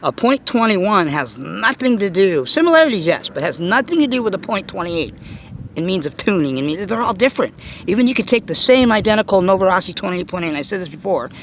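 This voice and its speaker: A man's voice: high voice, very animated, fast talker, a bit bright, a little hiss or hum. A middle-aged man giving a casual ranting monologue about his hobby, blunt and profane, rambling with lots of fillers. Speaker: RC car hobbyist vlogger. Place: outdoors.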